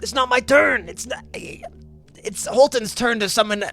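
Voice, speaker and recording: A man's voice: measured pace, vocal fry, sharp tone, soft background music, heavily acted. A man voicing a panicky male prisoner who stammers and pleads. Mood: panicked. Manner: stammering, high-pitched and pleading.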